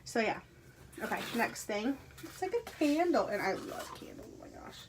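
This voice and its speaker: Gushing excitable woman vlogger. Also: on the high side, normal speed, background noise. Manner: gushing, excitable, drops to breathy whispers. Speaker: unboxing vlogger. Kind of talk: casual unboxing chat. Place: carpeted room at home.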